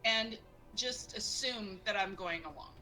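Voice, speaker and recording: A woman's voice: mid-range voice, measured pace, music in the background, poor audio. A woman playing a tabletop role-playing game, speaking firmly for her character. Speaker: player.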